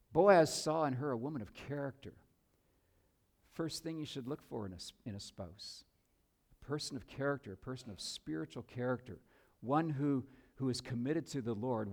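A man preaching a sermon, telling a story in an animated way with joking asides to his listeners. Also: medium pitch, gravelly.

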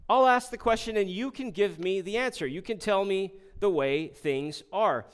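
A man's voice: sits high, normal speed, clean tone. A man preaching a sermon on scripture, asking rhetorical questions and acting out quoted lines with shifting emphasis. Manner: expressive, rhetorical questions, voices the serpent in quotes.

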